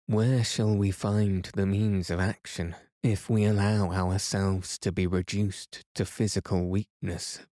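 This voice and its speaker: A man's voice: lowish voice, dark tone, no room sound, clean studio sound, close to an everyday voice. A man reading the lines of an anxious, despairing young nephew, pleading and exasperated.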